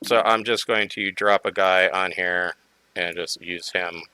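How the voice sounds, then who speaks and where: A man narrating a tabletop game as game master in a relaxed, halting way. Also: deep voice, clear, resonant tone, no echo, low-quality recording. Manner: relaxed, halting, with fillers and chuckles.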